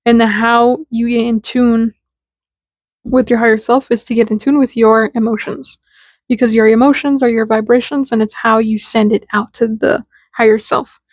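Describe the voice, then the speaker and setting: A woman with a somewhat high voice talks casually about spirituality, chatty and full of slang. She keeps slipping into little acted-out exchanges to make her point. The sound is dry and close, with no room echo. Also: little pitch movement, normal speed. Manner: chatty and informal, acts out little dialogues in quotes; slangy, with lots of "like" fillers. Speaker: spiritual content creator. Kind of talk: casual spiritual talk to camera.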